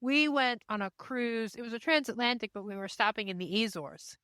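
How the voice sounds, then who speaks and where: A woman hosting a podcast, chatting casually and asking curious questions with quick interjections. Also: fairly high pitch, a bit bright, smooth, no room sound. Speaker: podcast host.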